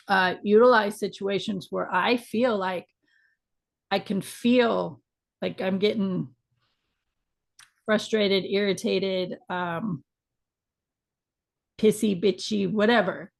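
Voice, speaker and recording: A woman's voice: medium pitch, creaky. A middle-aged woman co-hosting a casual spiritual chat, talking in a frank, reflective way with some mild swearing. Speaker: podcast co-host.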